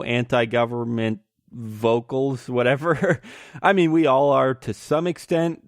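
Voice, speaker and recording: A man hosting a casual podcast, excitable and laughing often as he talks. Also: medium pitch, clear, resonant tone, dry recording, studio quality. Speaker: podcast host.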